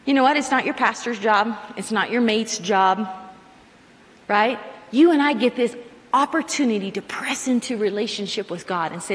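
Animated woman preaching in a reverberant hall. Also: on the high side, moderate pace. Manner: animated, acts out prayers in quoted asides. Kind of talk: sermon. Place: large hall with live audience.

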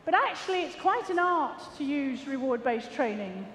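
A woman's voice: sits high, lively intonation, normal speed, a bit bright. A woman, a gundog trainer giving a chatty, jokey, self-mocking commentary during a live arena demonstration. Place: large indoor show arena. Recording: echoey hall with long reverb, faint noise.

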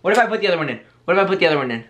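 A young man talks through an unboxing vlog in a bright, forward voice. He is chatty and easily excited. He speaks straight to his viewers as he goes. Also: high voice, racing. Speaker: YouTube vlogger.

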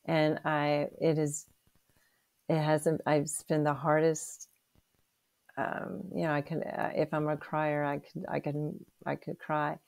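A woman's voice: sits low, flat delivery, slow, vocal fry, a little mellow. A woman in her sixties telling her personal faith story as an interview guest, earnest and emotional, with frequent restarts. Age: 60s.

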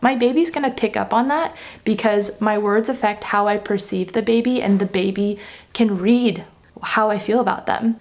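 A woman's voice: medium pitch, creaky, darkish tone. A young adult woman talking earnestly and reflectively in a casual vlog about parenting, with frequent "you know" and "like". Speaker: parenting vlogger.

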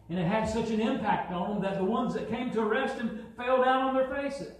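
A man's voice: high-pitched, lively intonation, normal speed. A man preaching a sermon as pastor, building emphasis and acting out quotes. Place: church sanctuary. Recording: very echoey hall, from far off.

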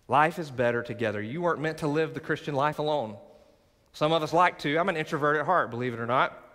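A man's voice: on the high side, fairly bright tone. A male pastor preaching a sermon to his church, with rising emphasis and call-and-response moments. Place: large church sanctuary. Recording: sanctuary with long reverb.

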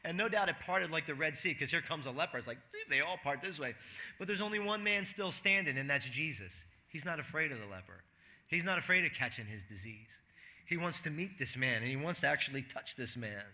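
A man's voice: a little high, expressive, brisk, pushed and bright. A man preaching a sermon to a church congregation in a conversational way, asking the room questions and acting out quotes. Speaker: pastor.

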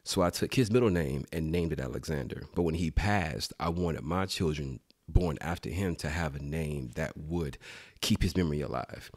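A man's voice: rumbling low, moderate pace, a little mellow, husky, dry recording, clean studio sound. A man from Dallas, a podcast guest talking in a laid-back, reflective way. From Dallas, Texas. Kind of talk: casual podcast conversation.

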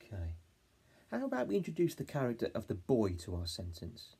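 A man with an English accent teaching a phonics lesson to young children, encouraging them and sounding out words slowly. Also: medium pitch, huge pitch swings, vocal fry, warm tone, breathy edge. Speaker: reception class teacher.

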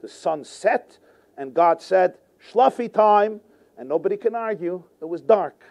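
Rabbi teaching a torah class, high mellow voice, lots of repeating and asking questions. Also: male voice, moderate pace. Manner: animated, rhetorical questions, repetition.

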